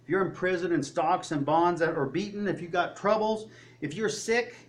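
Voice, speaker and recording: A man preaching a sermon, swinging between loud, high peaks and low, quiet asides. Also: normal speed.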